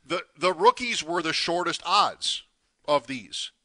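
A man's voice: on the high side, animated, slow pace, pushed and bright, dry recording. A man co-hosting a sports talk show, chatting casually about a bet and teasing out the payout. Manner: builds suspense, teasing. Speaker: co-host. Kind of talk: sports betting radio chat.

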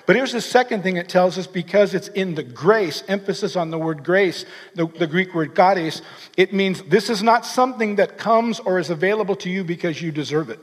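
A man with a high voice preaches with earnest energy, stumbling and restarting his phrases as he pushes his points. His sermon rings out with a long reverb trailing behind it, as if it were recorded in a large hall. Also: a little fast. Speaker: pastor.

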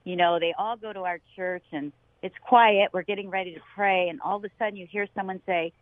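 Speaking as co-host on a radio interview, a middle-aged woman tells a lively, expressive story at a fairly quick pace, laughing often and acting out the voices of the people she quotes. Her medium-pitched voice comes through a narrow, phone-like line that sounds very dry and close.

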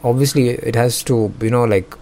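A man's voice: medium pitch, fairly even intonation, moderate pace, dark tone. A young man, hosting comedic news commentary in a sarcastic, joking way and laughing often. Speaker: host.

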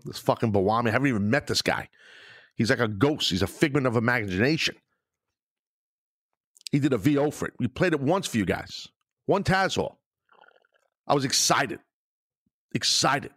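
Speaking alone on his podcast, this host delivers a sarcastic, swear-heavy rant over no music bed. The studio mic captures a fairly low, slightly bright voice in a clean, echo-free recording.

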